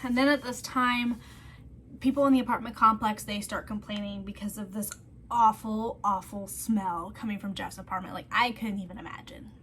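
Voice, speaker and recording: A woman's voice: mid-range voice, steady tone, normal speed, a bit bright, slight background noise. Woman, vlogger, chatty true-crime storytelling, frequent fillers, whispered asides. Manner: chatty, fillers like "like", drops to a whisper on grim details.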